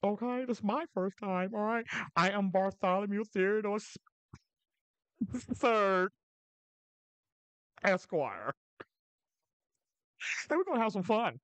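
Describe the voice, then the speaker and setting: A man putting on a high, squeaky mock-British voice as a pompous male streaming etiquette gentleman, giggly and flustered while commenting on his game. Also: expressive, slow, long pauses, smooth, no room sound, heavily acted. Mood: playful. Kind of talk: live gameplay commentary in character.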